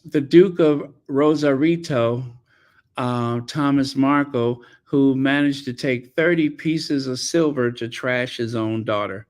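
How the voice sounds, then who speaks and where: A man hosting a commentary channel, talking in a sarcastic, mocking way. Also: mid-range voice. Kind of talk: casual commentary.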